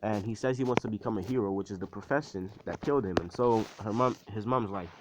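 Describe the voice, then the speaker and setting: A man's voice: fairly low pitch, fast talker, background noise. A man casually retelling a fan story in a rambling way, full of fillers.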